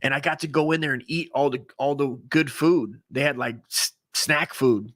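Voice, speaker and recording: A man's voice: medium pitch, moderate pace, a bit bright. Male podcast host, loose and profane, rambles through stories with plenty of fillers. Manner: earnest when he gets serious. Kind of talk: casual storytelling.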